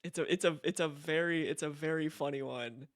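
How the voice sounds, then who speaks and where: A man's voice: fairly high pitch, brisk, dry recording. Giggly streamer guy, dry close mic. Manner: giggly, repeats words and restarts often. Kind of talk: casual chat.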